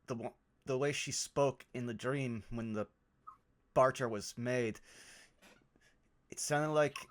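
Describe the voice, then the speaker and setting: A man playing a tabletop game, chatting casually and describing what his character does. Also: medium pitch. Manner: quick reactions, describes his character's actions. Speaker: player.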